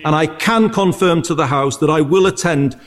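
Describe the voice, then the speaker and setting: A man's voice: fairly high pitch, normal speed. A man making a formal speech in parliament, declaring his commitments firmly. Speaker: politician giving a speech.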